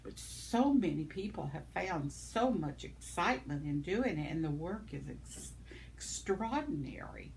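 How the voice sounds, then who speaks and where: A woman's voice: fairly low pitch, animated, unhurried, creaky, a little mellow, a little hiss or hum. A woman, chatting casually as a vlogger, giggly and rambling, with fillers and trailing thoughts. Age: 70s. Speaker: vlogger reading viewer comments. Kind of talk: casual chat.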